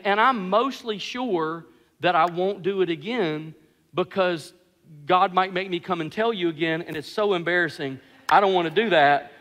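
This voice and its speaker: A man preaching a sermon as pastor, telling stories with animated, self-mocking humor. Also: high voice, in a large hall.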